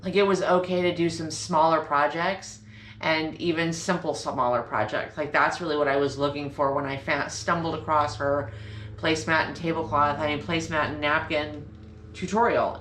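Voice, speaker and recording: Chatty low-voiced woman. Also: fairly even intonation, normal speed, fairly bright tone, a little hiss or hum. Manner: bubbly, rambling, self-correcting. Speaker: sewing channel host. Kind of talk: casual chatty sewing vlog. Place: home sewing room. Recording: echoey room with faint ambience.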